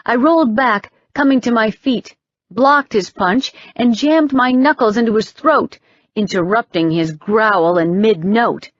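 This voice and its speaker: A woman narrating a first-person fiction audiobook with wry, brisk storytelling. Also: a little high, dry recording. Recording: slightly dull, dry recording.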